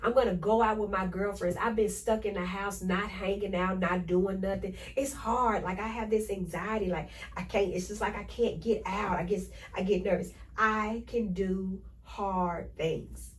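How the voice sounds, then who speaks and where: A woman hosting a motivational podcast, talking in an energetic, preachy way and repeating affirmations to her listeners. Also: medium pitch, normal speed, few pauses, far from the mic, poor audio. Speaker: podcast host.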